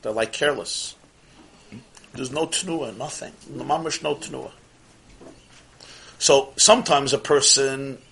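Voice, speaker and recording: A man teaching a Chassidic lecture in English, mixing in Yiddish and Hebrew terms, swinging from loud outbursts to near-whispers. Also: mid-range voice, slight background noise. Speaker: Torah teacher.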